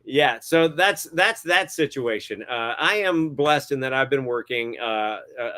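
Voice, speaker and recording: Man, middle-aged, interview guest, rambling anecdotes, lots of hesitant fillers, average-pitched voice. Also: animated, measured pace, sharp tone. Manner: rambling, many hesitant fillers, chuckles often. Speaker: guest cinematographer. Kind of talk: casual interview storytelling.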